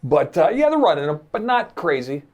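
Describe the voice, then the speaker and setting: A man's voice: a little high, very animated, fairly quick, darkish tone. A man co-hosting a podcast in casual chat, telling stories animatedly and acting out his own inner voice. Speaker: podcast co-host.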